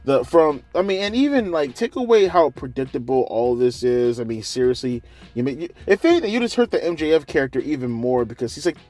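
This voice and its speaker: A man's voice: medium pitch, expressive, a little fast, darkish tone, soft background music. A man ranting sarcastically through a wrestling show recap, exasperated and swearing heavily. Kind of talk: profane ranting review.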